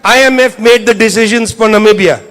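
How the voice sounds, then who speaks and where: A high-pitched, somewhat bright male voice speaks a little fast. He's the keynote speaker at an event hall, delivering a passionate political speech and repeating lines to drive his points home.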